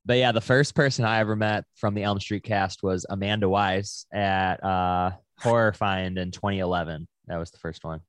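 Man in his 20s, low pitch, soft casual delivery. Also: fairly even intonation, moderate pace, hardly any pauses, no echo. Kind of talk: casual chat.

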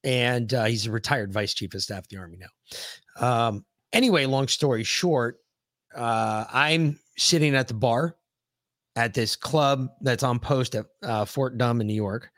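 A man's voice: medium pitch, measured pace, a bit bright, no echo. A man co-hosting a podcast, telling a long casual story full of swearing, fillers and restarts. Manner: profane, rambling, full of fillers. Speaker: podcast co-host.

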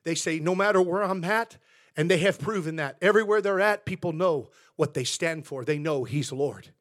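An American man preaches a sermon, shifting between quiet asides and loud, emphatic declarations with a folksy, storytelling manner. His voice is fairly high-pitched and his pace moderate.

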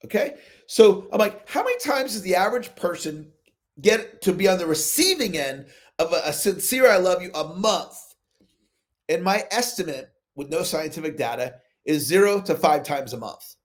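A man's voice: high-pitched, normal speed. A man hosting a motivational coaching call over video, telling stories and acting out both sides of his conversations. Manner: animated storytelling, acts out both sides of dialogues. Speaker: sales coach, call host. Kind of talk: motivational talk on a live call.

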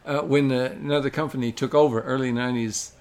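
Older male guest, mid-pitched voice, slow halting storyteller, gentle. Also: steady tone. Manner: halting, many fillers, mild. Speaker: podcast guest. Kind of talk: casual podcast chat.

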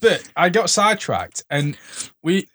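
A man's voice: high-pitched, very animated, measured pace, sharp tone, no echo. A man co-hosting a podcast, trading film puns in a casual, laughing chat. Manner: joking, pun-making, laughs often. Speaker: podcast co-host.

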